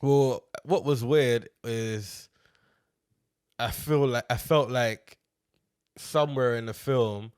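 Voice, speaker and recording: A man's voice: medium pitch, slow pace, pauses often, a little mellow, smooth, no room sound, studio quality. An easygoing man gives his take on a film in casual chat. He hesitates and restarts his thoughts as he goes. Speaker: film review co-host.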